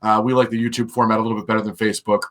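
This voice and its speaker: A man's voice: fairly low pitch, little pitch movement, rapid-fire. A man hosting a casual podcast chat, chatty and hedging his words. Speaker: podcast host.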